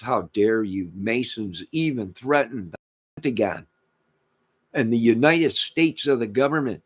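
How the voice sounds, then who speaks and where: A man rants to camera on his own channel, rambling and repeating himself emphatically, lurching from loud proclamations to muttered asides. His husky voice sits at a medium pitch with lively intonation, and he talks a little slowly.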